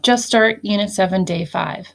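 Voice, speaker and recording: A woman teacher giving a recorded phonics lesson, slowly and deliberately dictating phrases and explaining how to mark syllables. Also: mid-range voice, creaky.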